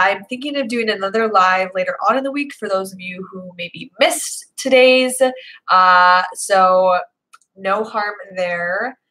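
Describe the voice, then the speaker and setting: Chatty bright-voiced young woman live-streaming. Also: medium pitch, low-quality recording. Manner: chatty, rambling, many fillers. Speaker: vlogger hosting a live Q&A. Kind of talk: casual live-stream chat. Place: indoors at home, Seattle.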